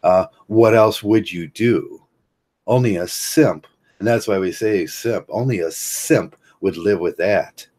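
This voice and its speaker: Low husky-voiced Midwestern man rambling. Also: darkish tone. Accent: American Midwest. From Ohio, USA. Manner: halting, many fillers and restarts, chuckles often. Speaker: livestream host. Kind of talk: rambling livestream monologue.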